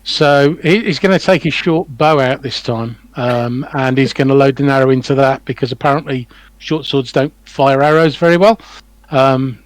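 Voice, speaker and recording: A man's voice: fairly high pitch, no echo, low-quality recording. A man playing a tabletop game, describing his character's actions in a wry, rambling way. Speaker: player.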